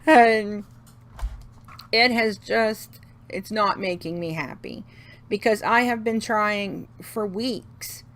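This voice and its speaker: A middle-aged woman hosts a craft video, her medium-pitched, somewhat bright voice moving slowly. She's talkative and folksy, venting in a casual, chatty vlog rant and laughing often.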